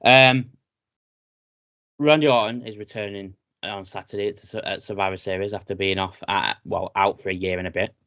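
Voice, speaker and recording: A British man co-hosting a casual wrestling podcast, chatty and excitable, often saying "mate". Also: lowish voice, moderate pace, no echo. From Britain. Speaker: podcast co-host.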